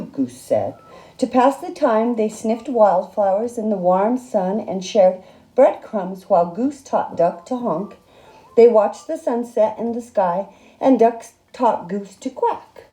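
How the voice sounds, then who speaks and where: A woman's voice: a little high, unhurried, roomy sound. Woman reading a picture book aloud. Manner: expressive, playful storytelling. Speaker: narrator. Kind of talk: storybook read-aloud.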